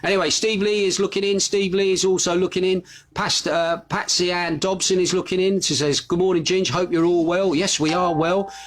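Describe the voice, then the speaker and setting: A middle-aged man hosting a live news stream from his home, chatting casually, greeting viewers by name and filling pauses with "uh". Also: sits high, steady tone. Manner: chatty, reads viewer names and comments aloud with frequent "uh" fillers. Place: home studio.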